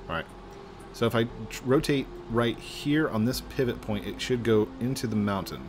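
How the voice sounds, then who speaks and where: A man hosting a gaming video, playing along with jokey, excitable commentary and sudden exclamations. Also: medium pitch, normal speed, a little hiss or hum. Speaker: gaming channel host.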